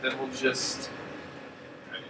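A man narrating a tabletop game as game master, relaxed and hesitant with lots of fillers, recorded far from the mic in a roomy space with air-conditioner hum. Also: takes it slowly.

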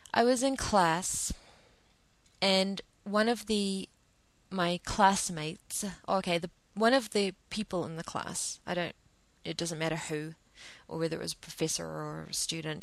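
A woman's voice: lowish voice, no room sound. A woman telling a personal story to camera in an emotional, hesitant way, with many restarts.

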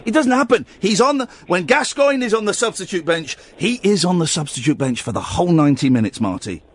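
Guy hosting late night call-in radio, jokey, trips over his words, bouncy pitch. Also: sing-song, fairly quick. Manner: jokey, rambling, stammering restarts. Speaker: radio phone-in host.

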